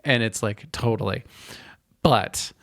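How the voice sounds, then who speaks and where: A man's voice: lowish voice, slow pace, vocal fry, a bit bright, dry recording, studio quality. A man hosting a casual podcast. He talks in a chatty way with lots of fillers and short murmured reactions. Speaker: podcast host. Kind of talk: casual chat.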